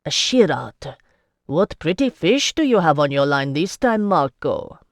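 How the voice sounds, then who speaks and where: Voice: medium pitch, very animated, unhurried, no room sound, clean studio sound. Narrator doing a haughty, hot-tempered nobleman. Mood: cynical.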